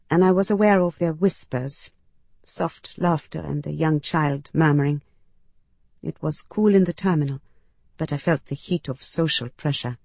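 A woman reading a first-person story aloud in a measured, expressive audiobook narration, close to the mic. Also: deep voice, husky, no echo.

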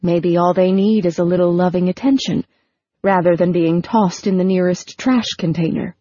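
A woman's voice: lowish voice, fairly even intonation, normal speed, no echo, highs cut off, lightly acted. Woman reading a fussy nagging mother. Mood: fussing. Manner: fussy, gently scolding. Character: fussy middle-aged mother, well-meaning but nagging.

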